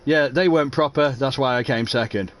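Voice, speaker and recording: Man, race streamer, casual banter, jokey, rambling, mid-pitched voice. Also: fairly quick. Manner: rambling, jokey, self-mocking.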